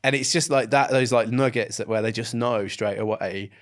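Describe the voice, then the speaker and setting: Man, lowish voice, podcast co-host, relaxed, filler-heavy. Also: normal speed. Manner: relaxed, laughs easily, many fillers. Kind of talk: casual conversation.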